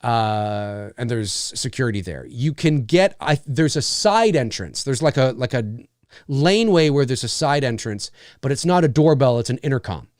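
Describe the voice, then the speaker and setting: A man's voice: medium pitch, expressive, normal speed, no room sound, studio quality. A man hosting a casual live stream, rambling through viewer comments with lots of fillers and frequent laughs. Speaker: live show host.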